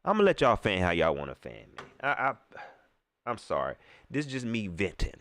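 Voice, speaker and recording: A man's voice: fairly low pitch, big pitch swings, a little fast, fairly bright tone, a little hiss or hum. A man hosting a sports fan live stream, venting in casual slangy talk and firing off emphatic rhetorical questions as he reads viewer comments. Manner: casual slangy speech with frequent fillers. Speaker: fan channel host reading live comments.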